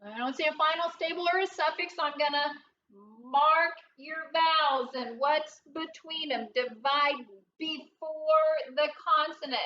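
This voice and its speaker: A woman works through a phonics lesson slowly and patiently, encouraging young learners. Her voice sits high and sounds bright. The recording is a little dull and muffled, with a faint hiss underneath. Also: far from the mic. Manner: slow, patient, encouraging, sing-song explaining. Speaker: phonics teacher.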